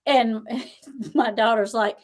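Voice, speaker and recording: A woman's voice: fairly high pitch, slow pace. A middle-aged woman hosting a casual livestream chat, rambling through family stories and laughing often. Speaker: tarot reader and host.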